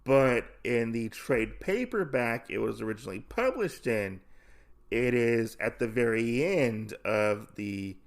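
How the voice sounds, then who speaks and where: A man's voice: medium pitch, animated, unhurried. A man hosting a comic podcast, recapping a story in a casual, rambling, joking way, correcting himself as he goes. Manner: rambling, self-correcting, jokey.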